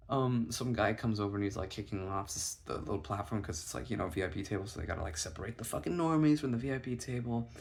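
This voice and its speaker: A young man telling a rambling, anxious story about himself, swearing and loudly acting out his own lines. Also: on the low side, expressive, a little fast, creaky. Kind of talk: casual storytime monologue.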